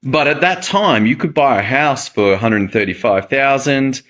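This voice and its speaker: A man's voice: mid-range voice, moderate pace, a bit bright. A middle-aged man telling a personal story in a casual monologue, acting out the reactions he quotes. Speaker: medical educator and host.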